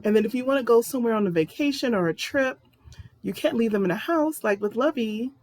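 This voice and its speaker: A woman's voice: a little high, expressive, quick pace, darkish tone, no echo. Chatty, rambling woman vlogger. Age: adult. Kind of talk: casual personal vlog.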